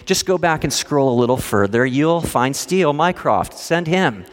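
A self-doubting man begs to be let off the task, his voice lifted a touch higher than usual and pleading, as a preacher acts him out. The words ring out in a large hall with a long trailing echo. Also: animated, normal speed, close to an everyday voice. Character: anxious reluctant man pleading excuses to God.

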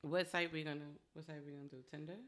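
A young woman co-hosting a podcast in casual chat, animated and laughing often as she acts out stories. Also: sits low, rapid-fire, crowd noise. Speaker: podcast co-host.

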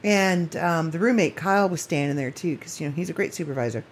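A woman talks on her own podcast late at night, rambling from one thought to the next. Her voice is husky and a little breathy, pitched on the low side. She gets emotional and laughs often. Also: fast talker. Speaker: podcast host. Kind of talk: casual late-night monologue.

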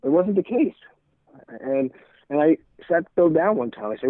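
A middle-aged man with a slightly high, sing-song voice speaks at normal speed, telling casual stories as an interview guest. He rambles, repeats words, and plays out quoted dialogue from old conversations, in a dry recording that sounds tinny and phone-like.

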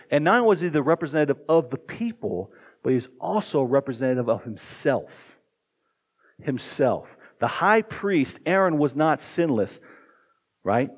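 Guy pastor preaching, chatty, asks the room stuff, slightly high voice, dull recording. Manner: conversational, asks the congregation questions. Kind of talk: sermon.

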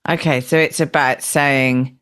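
A woman with a notably low voice who speaks slowly and unhurriedly. As host of a podcast interview, she asks her guest tentative questions and paraphrases him back to check that she has understood. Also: fairly even intonation, fairly bright tone, smooth. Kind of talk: interview conversation.

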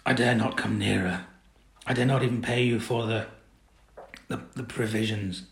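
A man's voice: lowish voice, steady tone, moderate pace, vocal fry. A man playing a hungry, fearful castaway who stammers and falters, recorded with a roomy echo. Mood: pleading. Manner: hesitant, stammering and pathetic.

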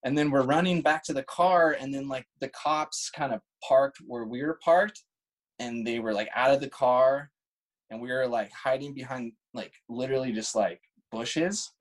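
A man's voice: medium pitch, moderate pace, low-quality recording. Man, thirties, interview guest, casual storytelling, slangy, swears. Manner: laid-back, swears, lots of "like" and "dude".

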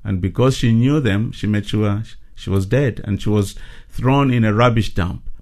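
A man's voice: on the low side, normal speed, a little mellow. Earnest middle-aged man telling his story. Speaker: ministry leader guest. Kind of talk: radio interview testimony.

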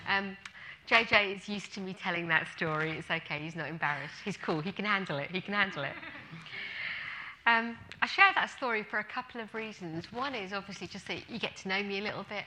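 Animated woman telling a funny story. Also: medium pitch, brisk, a little hiss or hum. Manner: animated, self-mocking storyteller. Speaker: guest speaker. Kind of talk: humorous sermon storytelling.

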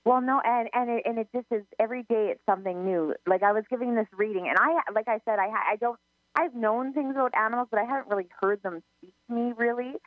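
A woman's voice: fairly high pitch, quick pace, no room sound. A woman who gives psychic readings, chatting casually as co-host and telling stories with many restarts and quotes of herself. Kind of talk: casual radio chat. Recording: narrow phone-line sound, dry.

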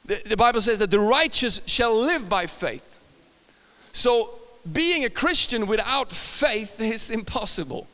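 A man's voice: sits high, lively intonation, unhurried, pushed and bright, in a large hall. A man with a Swedish accent preaching a casual, joking sermon, often restarting his sentences and talking to the audience. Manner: chatty, self-correcting, jokes with the audience.

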